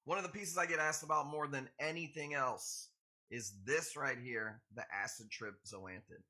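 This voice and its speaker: A man's voice: medium pitch, normal speed, sharp tone. A man hosting a casual live stream, upbeat and greeting viewers by name as he chats. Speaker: live-stream host selling corals.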